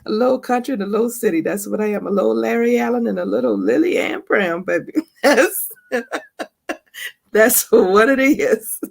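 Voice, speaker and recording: Woman podcast host, Baltimore accent with some Texas twang, casual and chatty, laughs often, gravelly voice. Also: on the high side, lively intonation, moderate pace. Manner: chatty, calls listeners honey and y'all; laughs often mid-sentence. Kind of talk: casual spoken monologue.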